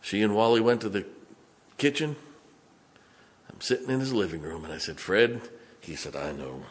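Deep-voiced preacher. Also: male voice, moderate pace. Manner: folksy, swings from loud to hushed. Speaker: pastor. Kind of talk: storytelling sermon. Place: church sanctuary.

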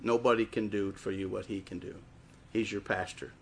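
A man with a Wisconsin accent preaching a sermon, telling stories and slowing down and rising in volume for emphasis. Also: lowish voice, fairly even intonation, husky. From Chicago area, raised in Wisconsin. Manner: storytelling preacher, swells louder and slower for emphasis. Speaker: guest preacher.

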